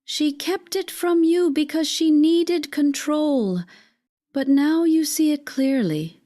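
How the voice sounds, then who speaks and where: A woman voicing a manipulative female therapist who speaks softly and condescendingly in a calm, soothing manner. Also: high-pitched, slow pace, pitched above the performer's own voice. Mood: coaxing.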